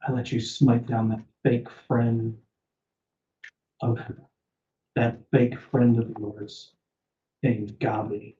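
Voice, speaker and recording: A man voicing a scheming male devil who speaks quietly and tauntingly inside a character's mind. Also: mid-range voice, little pitch movement, slow, long pauses, lightly acted. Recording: roomy, dull lo-fi audio.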